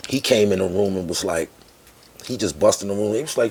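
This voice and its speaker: A man's voice: lowish voice, fairly quick. A man in his forties from Harlem with a New York accent, a podcast guest telling stories casually and acting out the people he quotes. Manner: animated, acts out quoted people with raised voice. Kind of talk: casual storytelling.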